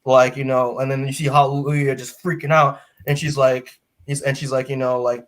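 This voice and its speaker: A man co-hosting a comic book podcast, giving a casual recap that rambles with fillers, restarts and quick quoted lines from the scenes. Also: mid-range voice, flat delivery. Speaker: podcast co-host.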